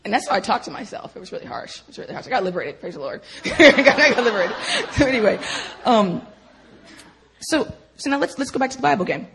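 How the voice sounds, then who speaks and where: A woman telling her personal testimony to listeners in an animated way, laughing often and speaking directly to them. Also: on the high side, fast talker, creaky, a crowd in the background.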